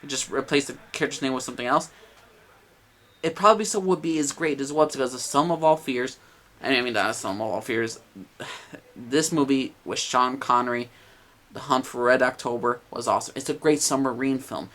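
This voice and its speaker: A man's voice: mid-range voice, a little fast, fairly bright tone. A man giving a casual movie review, enthusiastic and rambling, with lots of "uh" and "like". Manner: enthusiastic, rambling with many fillers.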